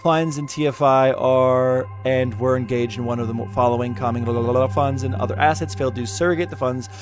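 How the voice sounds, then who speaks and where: A commentary YouTuber reacts casually while reading legal text aloud, exasperated, stumbling over words and swearing. His medium-pitched voice is fairly even and fairly quick, with music playing in the background.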